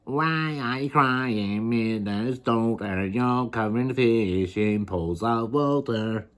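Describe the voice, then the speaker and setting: A man voicing a squeaky little magic man who sings his rhymes slowly in a country-western style. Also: a bit bright. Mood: sing-song.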